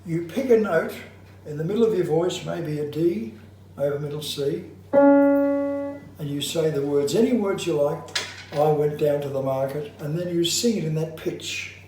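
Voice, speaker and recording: A man's voice: fairly high pitch, music in the background. Echoey, distant male voice coach. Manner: measured, instructive, slows to stress points. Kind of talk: singing lesson with demonstrations.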